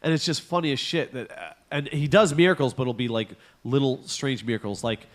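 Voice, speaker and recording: A man's voice: mid-range voice, brisk. A young adult man co-hosting a casual comedy podcast, telling stories animatedly, acting out characters' lines and swearing freely while reading weird news. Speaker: podcast co-host.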